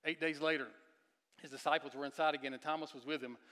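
A man delivers a sermon with a bright, forceful, fairly high voice, swinging between near-shouted emphasis and quiet, confessional passages. He repeats words and puts questions to the congregation. His voice rings out with the long reverb of a church sanctuary. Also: fairly even intonation, fast. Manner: emphatic, rising to near-shouts then dropping to hushed, confessional tones; repeats words and restarts, asks the audience questions. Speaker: guest preacher.

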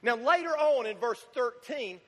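A man's voice: very high voice, lively intonation, normal speed. A male pastor preaching a sermon in an emphatic, repetitive style, posing rhetorical questions to the congregation. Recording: long hall reverb.

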